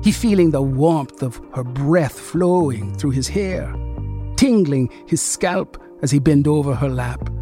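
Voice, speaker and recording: Slow storyteller. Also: mid-range voice, dark tone. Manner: slow, rhythmic, lingering delivery. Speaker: narrator. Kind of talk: literary story reading.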